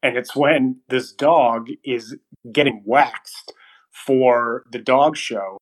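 A young man chats loosely through a movie review on a podcast. He laughs a lot and puts on little voices for quoted lines, and his voice sits at an ordinary middle pitch. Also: takes it slowly, low-quality recording. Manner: animated storyteller, acts out quotes, laughs often. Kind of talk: casual chat.

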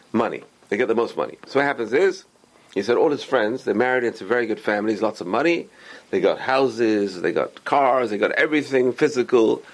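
Man telling a moral tale, very lively pitch, acts out every part. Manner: animated, acts out characters' lines. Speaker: religious storyteller. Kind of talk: storytelling with a moral lesson.

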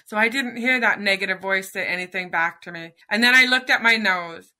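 A woman's voice: mid-range voice, a little fast, bright, forceful tone. A middle-aged woman, a podcast guest, telling a personal story in an earnest, emotional way.

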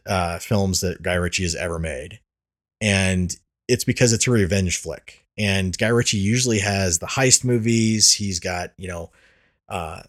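A man hosting a casual podcast, talking loosely with frequent fillers and restarts. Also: low voice. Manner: rambling, many restarts and fillers. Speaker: podcast host. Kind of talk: casual chat about movies.

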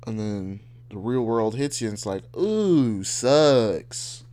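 A podcast host in his twenties rants casually, blunt, heated and profane. His fairly low voice is smooth and mellow, with a steady tone at normal speed.

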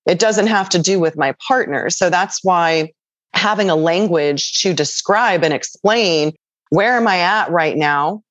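As a podcast guest, a woman explains things earnestly and patiently, acting out quoted voices as she goes. Her voice is lowish, unhurried and fairly bright, in dull, dry lo-fi audio.

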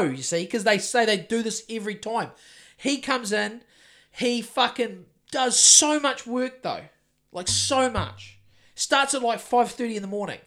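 Kiwi bloke on a podcast, rambling and swearing, keeps restarting sentences. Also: male voice, extremely high pitch, fairly bright tone. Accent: New Zealand. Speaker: podcast co-host, house painter. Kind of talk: casual chat.

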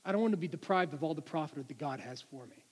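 A man's voice: fairly high pitch, animated, quick pace, husky, long reverb tail. A man preaching a sermon in an earnest, conversational way, often restarting his sentences.

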